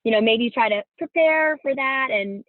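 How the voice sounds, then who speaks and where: A woman's voice: fairly high pitch, normal speed, no room sound. A woman from California giving upbeat career advice in a virtual workshop over a video call, with plenty of fillers. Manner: upbeat, instructive, many fillers. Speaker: career fair presenter. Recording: dry tinny video-call audio.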